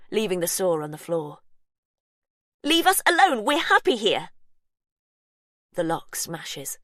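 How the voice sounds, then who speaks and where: A woman reading a suspense story aloud in slow, hushed, suspenseful narration. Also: deep voice, dry recording, clean studio sound. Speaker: audiobook narrator. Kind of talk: scripted narration.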